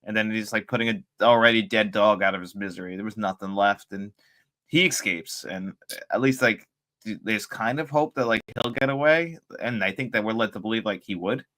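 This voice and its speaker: A man with a low voice and a bright, forceful edge. He co-hosts a film podcast, talking casually in loose sentences packed with "like" and "you know". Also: a little fast. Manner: loose, filler-heavy speech with frequent "like". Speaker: podcast co-host. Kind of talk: casual film review chat.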